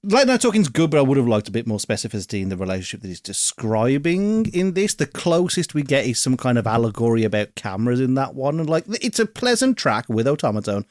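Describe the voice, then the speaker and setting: A man's voice: medium pitch, big pitch swings, fast talker, few pauses, darkish tone, no echo, studio quality. A man co-hosting a podcast, giving thoughtful casual opinions on an album, hedging with ums and restarts and swearing now and then. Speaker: podcast co-host. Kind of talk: casual music review chat.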